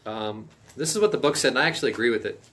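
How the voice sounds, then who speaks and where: A man teaching a casual Bible study in a folksy, emphatic way, now and then stressing phrases loudly. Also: mid-range voice, racing.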